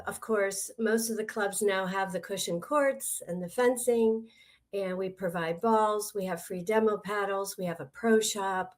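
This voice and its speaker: Woman, podcast guest, mid pitch, friendly, pauses to think. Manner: friendly, listing things, some hesitations. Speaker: guest, pickleball club co-founder. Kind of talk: casual podcast chat.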